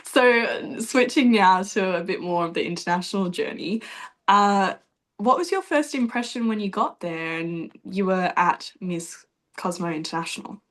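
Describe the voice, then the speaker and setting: A woman's voice: medium pitch, lively intonation, moderate pace. A young woman from Australia hosting a podcast interview, giving affirming responses and asking questions in a casual way. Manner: warm affirming listener, frequent agreement. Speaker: podcast host.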